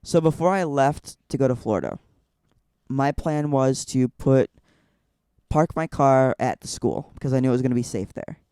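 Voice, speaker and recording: Speaking at a moderate pace in a mid-range voice that is mellow, clear and resonant, this young Illinois man tells a personal story as a podcast guest. He rambles casually, using "like" a lot, and the studio-quality audio has no echo.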